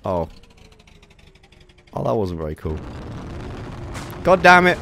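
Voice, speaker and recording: Giggly gamer guy narrating, drawn out and unhurried, pitch bouncing everywhere. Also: sing-song, gravelly, a bit bright, a little hiss or hum. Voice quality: giggly, frequent laughter and exclamations. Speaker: gaming YouTuber. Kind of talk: excited gameplay commentary.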